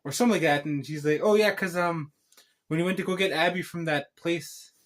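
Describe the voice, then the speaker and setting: A man's voice: on the high side, brisk, a bit bright. A man giving a casual spoken film recap as a reviewer, rambling through a tangled retelling full of restarts.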